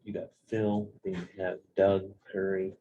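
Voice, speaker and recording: A man's voice: low-pitched, little pitch movement, measured pace, dark tone, dull audio, slight background noise. A man on a board in a meeting, explaining points in a plain-spoken way. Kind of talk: formal meeting discussion.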